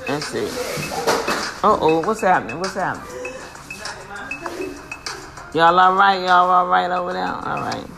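A woman hosting her own station, giving casual motivational talk and shout-outs, lively and slangy, speaking blessings over listeners. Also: fairly low pitch, a little slow, vocal fry, pauses often. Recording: music playing behind.

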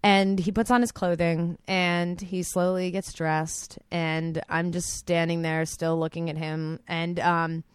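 A woman's voice: fairly low pitch, level tone, a little slow, hardly any pauses, smooth, dry recording, studio quality. A woman telling a personal anecdote in a chatty way, full of "like" and quoted asides. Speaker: storyteller.

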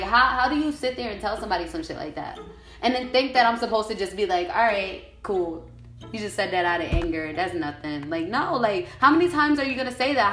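Heated, high-pitched woman venting. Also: fairly bright tone. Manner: heated, profane, repetitive ranting. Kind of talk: angry venting monologue. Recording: echoey room.

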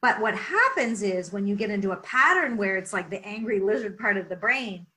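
A woman leadership coach answers interview questions, explaining things energetically and often checking in with "right?". Her medium-pitched voice moves a little fast, and the audio is poor.

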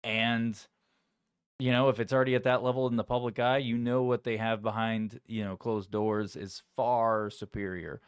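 A man's voice: medium pitch, level tone, moderate pace, clean tone, dry recording, clean studio sound. A man co-hosting a podcast, rambling through crude, profane jokes in casual banter. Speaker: podcast co-host.

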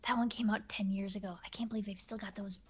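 A woman's voice: medium pitch, steady tone, fast talker, slight background noise, lightly acted. A woman playing a chatty, caring woman pilot. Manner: chatty and friendly.

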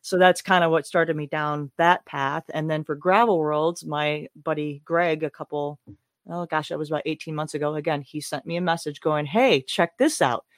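A woman in her forties talks as a podcast guest in relaxed, lively conversation. She tells stories with animation and laughs often. The sound is dry and close, with little room. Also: deep voice, moderate pace, no echo. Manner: animated storytelling, frequent laughs. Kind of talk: casual conversation.

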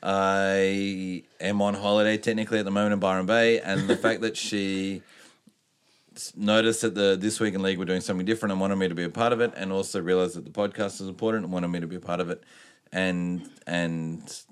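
Low-voiced man, sweary. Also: little pitch movement, smooth. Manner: crude, rambling, reads news haltingly. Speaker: podcast co-host. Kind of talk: casual sweary podcast banter.

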